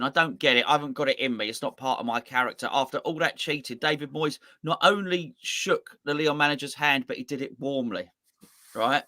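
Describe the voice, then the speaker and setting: A man's voice: a little high, pushed and bright. A man co-hosting a casual football chat, emphatic and ranting, with many restarts and repeated words. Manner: emphatic, repeats words, rants about cheating. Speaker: co-host.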